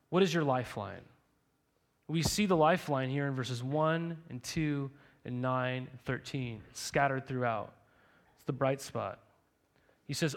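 Casual young male preacher, slightly high voice. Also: moderate pace, long pauses. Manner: conversational preaching with frequent "right?" and "like"; rhetorical questions to the congregation. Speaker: pastor. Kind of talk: sermon.

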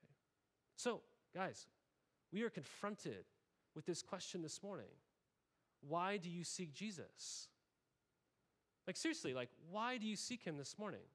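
A man's voice: high-pitched, big pitch swings, a little slow, pauses often, a bit bright. A man in his thirties from Oregon preaching a conversational sermon as pastor, often tagging "right?" and acting out quoted voices.

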